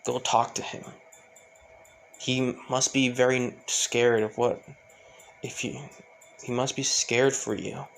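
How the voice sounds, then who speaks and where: A man's voice: mid-range voice, flat delivery, slow pace, gravelly, long pauses, soft background music. A man telling an improvised fan story, rambling and correcting himself as he loosely voices each character's lines.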